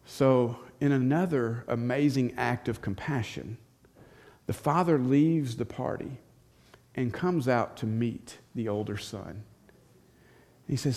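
A male pastor preaching a sermon, telling a story with animated, dramatic delivery. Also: medium pitch, normal speed. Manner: animated storytelling, acting out the scenes.

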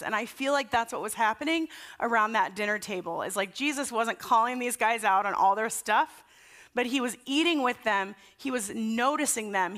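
A woman pastor in her thirties delivers a relaxed, conversational sermon with a bright, clear tone. She tells stories as she goes and keeps things loose with everyday fillers. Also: a little high. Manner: warm anecdotal storytelling with casual fillers.

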